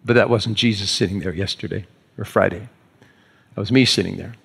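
With a fairly low, steady, husky voice that is gravelly yet fairly bright, a male pastor briskly tells a humble, self-mocking tale from ordinary life. The storytelling sermon is folksy and conversational, and he performs the characters' voices.

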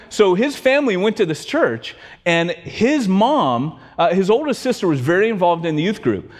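Guy preaching, high voice that jumps all over, big echoey church hall. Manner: animated, joking with the congregation, repeats himself. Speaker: pastor. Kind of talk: storytelling sermon. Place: church sanctuary. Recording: long church hall reverb.

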